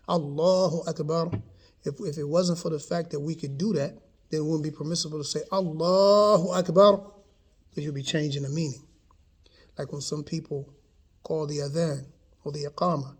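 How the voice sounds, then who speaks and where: A man's voice: a little high, a little mellow, breathy edge. A man giving a casual spoken lesson, explaining patiently and checking in with his listeners as he goes. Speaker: teacher.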